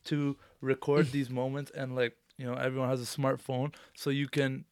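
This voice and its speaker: A laid-back man chatting casually at a medium pitch. The recording is dry and close, with no room around his voice. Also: little pitch movement, moderate pace, darkish tone, clean tone, no room sound. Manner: laid-back, agreeable, often agrees with "yeah". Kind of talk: casual chat.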